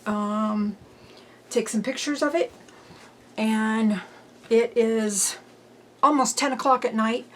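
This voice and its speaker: Woman, home quilting vlogger; chatty, self-deprecating, higher voice, slow delivery. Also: slight background noise. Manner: chatty, unhurried, frequent "um" fillers; cheerful and self-deprecating about her mistakes. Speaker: quilting channel host. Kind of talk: casual sewing vlog.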